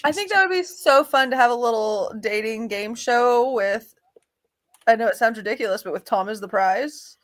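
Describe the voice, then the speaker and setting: A woman's voice: fairly high pitch, moderate pace, no echo. A woman co-hosting a casual wrestling podcast over a video call, teasing and giggly. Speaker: podcast co-host. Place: home, streaming live.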